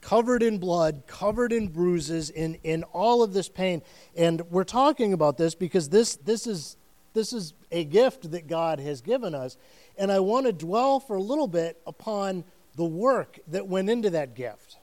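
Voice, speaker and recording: A man's voice: high voice, lively intonation, unhurried, a little mellow. A man preaching a sermon as pastor, telling the story in earnest and vivid detail and repeating phrases for weight.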